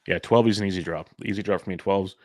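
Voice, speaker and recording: A man's voice: sits low, fairly even intonation, fast talker, darkish tone, dry recording, clean studio sound. A man co-hosting a fantasy baseball podcast, talking casually and a bit sarcastically. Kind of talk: casual sports chat.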